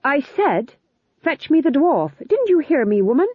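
A young man newly crowned speaks in a raised, urgent voice, as a woman reader acts him out. His tone climbs high and pushes louder than the narration. The audio is dry and a little dull. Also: huge pitch swings, a little slow, no echo, heavily acted. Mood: imperious. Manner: anxious, then grandly commanding. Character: young male actor made king, nervous then imperious. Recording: slightly dull lo-fi recording.

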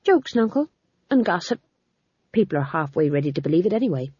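A woman's voice: lowish voice, very animated, fairly quick, warm tone, breathy edge, dry recording, dull audio. Woman doing a wry court jester. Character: wry nervous male court fool. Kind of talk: audiobook character voice.

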